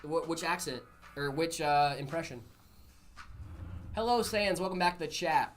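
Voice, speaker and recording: A man's voice: on the high side, a little fast, faint music behind. A man hosting a PC-building livestream, chatting playfully with viewers and using many fillers. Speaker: streamer hosting a PC-building stream. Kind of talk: casual livestream chat reading viewer messages. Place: indoor studio room.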